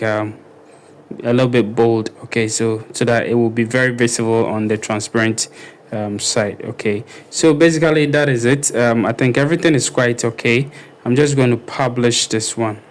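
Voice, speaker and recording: A man talking casually through a screen-recorded web design tutorial, thinking aloud and filling pauses with ums and okays. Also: mid-range voice, a little hiss or hum.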